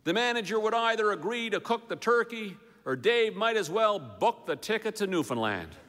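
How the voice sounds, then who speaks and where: A man's voice: high voice, very animated, normal speed, fairly bright tone, slight background noise. A man reading a humorous story aloud with dry, wry narration. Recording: long hall reverb.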